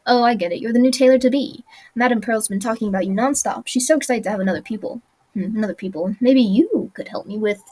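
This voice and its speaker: A woman's voice: a little high, mellow, breathy edge. Woman playing a jumpy young tailor. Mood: flustered. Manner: nervous, quick and flustered. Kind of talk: reading game dialogue aloud.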